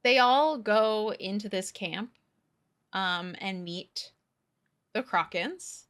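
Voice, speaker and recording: A woman co-hosts a podcast in a casual, unhurried way. She talks slowly and recaps the plot in a loose, chatty manner. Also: mid-range voice. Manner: relaxed, recapping the plot with acted quotes. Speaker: podcast co-host. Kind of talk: casual book discussion.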